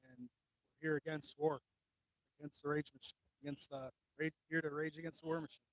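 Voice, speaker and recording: A man's voice: a little high, brisk, dry recording, low-quality recording. Earnest man arguing politics on the street. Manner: earnest, argumentative, steady political talking points. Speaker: rally attendee being interviewed. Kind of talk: street interview answers. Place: outdoor street rally.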